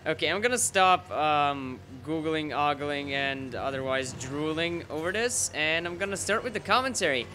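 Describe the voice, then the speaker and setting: Excitable rambling young man gaming. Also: on the high side. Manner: excitable, rambling, sweary, self-mocking. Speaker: gaming channel host. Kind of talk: live gameplay commentary.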